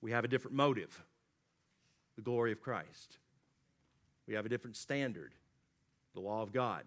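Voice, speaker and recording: A man preaching a sermon, swinging from loud emphatic lines to low, quiet drops. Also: normal speed. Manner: dynamic preaching, rising emphatic then dropping low and quiet. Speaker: pastor.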